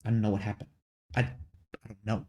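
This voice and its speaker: A man's voice: on the low side, level tone, moderate pace, a little mellow, husky. A young man with a mixed Australian-English accent, chatting casually on a stream, rambling and swearing lightly. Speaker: VTuber streamer.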